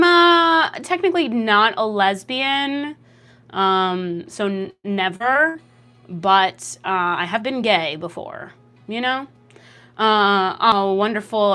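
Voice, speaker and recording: A young woman livestreams from home, reading and answering chat comments in a loose, jokey way. Her voice jumps up in pitch when she gets excited, and she speaks into a desk mic. Faint music plays under her talk. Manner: lively, jokey, reacts to chat with laughs and big pitch jumps. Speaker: streamer.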